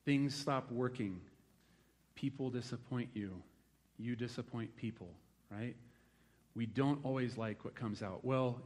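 A pastor in his forties from the rural United States preaches at a medium pitch to his congregation in a church hall. His animated story of a country upbringing alternates between loud exclamations and hushed moments before he settles into quiet reflection.

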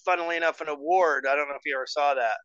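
Bright, animated male podcast guest. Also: fairly high pitch, racing, dry recording, dull audio. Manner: animated storytelling with laughs. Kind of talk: casual chat.

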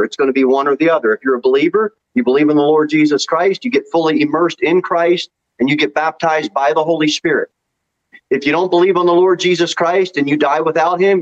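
A man's voice: fairly high pitch, muffled recording. A man preaching a sermon as pastor in a church, reading scripture aloud with emphasis.

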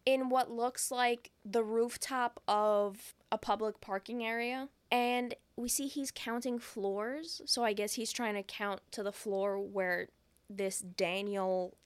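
A woman co-hosting a casual podcast, retelling a film's scenes with quick acted quotes and frequent giggles. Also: a little high, steady tone, clean tone, dry recording. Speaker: podcast co-host. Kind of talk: casual movie recap chat.

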